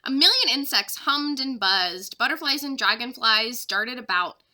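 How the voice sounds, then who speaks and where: Reading unhurriedly in a slightly high voice, a young woman who teaches third grade shares a children's chapter book with her class. She tells the story expressively.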